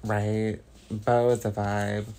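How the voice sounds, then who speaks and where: A man from Northern California chatting casually with his stream viewers, slow and rambling. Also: on the low side, little pitch movement, dark tone, clean tone. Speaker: livestreamer.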